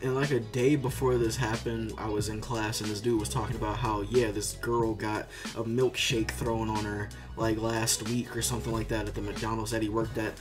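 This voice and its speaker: A man's voice: on the low side, level tone, normal speed, hardly any pauses. A young man telling a casual storytime tale, rambling with lots of fillers. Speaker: vlogger. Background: background music.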